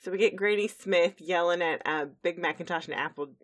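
A woman with a notably low, deep voice co-hosts a casual podcast. She talks chattily and loosely, recapping scenes as she goes and filling the gaps with easy fillers. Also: a little fast. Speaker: podcast co-host. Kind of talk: casual podcast episode review.

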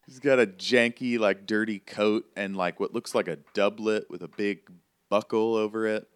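A man's voice: on the low side, fairly even intonation, moderate pace, smooth. A man narrating as game master of a tabletop role-play game. He describes the scene in a loose, casual way and keeps reaching for words with filler.

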